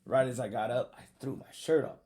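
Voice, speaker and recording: A man casually telling a story, animated and profane, acting out what people said. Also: medium pitch, a little fast. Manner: animated, profane, acts out quotes.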